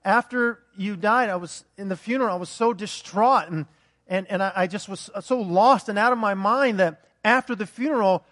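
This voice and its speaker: A man voicing an excitable husband just arrived at heaven's gate, gushing in a breathless rush, in a joke during a sermon. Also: sits high, moderate pace.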